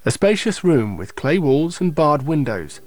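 A man reading scripted audio description in a steady, matter-of-fact way. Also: on the high side, measured pace.

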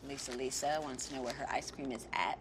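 An actress playing a concerned young woman who asks gentle, probing questions and laughs often, outdoors by a lake. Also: very deep voice, steady tone, fast. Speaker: film character. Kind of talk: naturalistic film acting. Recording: noisy outdoor film sound.

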